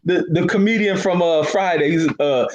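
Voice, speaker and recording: A man's voice: high voice, moderate pace, rough recording. A man co-hosting a casual boxing chat, blunt and slangy with strong opinions.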